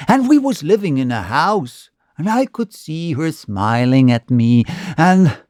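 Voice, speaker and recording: A man's voice: a little high, very animated, unhurried, a little mellow, no echo, studio quality, voice pushed up. A man voicing a cold, deadly young outlaw who talks in a mild drawl. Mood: brooding.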